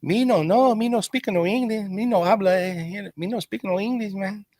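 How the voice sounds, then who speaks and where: A flustered young man caught off guard, playing dumb in broken English with an exaggerated mock Spanish accent, as a podcast host puts him on. The voice jumps well above the host's usual pitch, high and cartoonish. It sounds dry and close to the mic. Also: normal speed, darkish tone, no echo, lightly acted. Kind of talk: casual chat.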